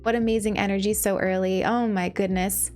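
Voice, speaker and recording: A young woman talks casually to her live-stream viewers in an average-pitched voice, gushing with emotion and breaking into laughter at herself. Faint music plays in the background. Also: steady tone, a little fast, darkish tone.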